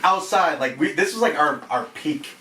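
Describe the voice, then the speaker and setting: A young man casually telling a work story, animated and laughing, full of fillers and swearing. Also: a little high, moderate pace. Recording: echoey room from a distance, faint noise.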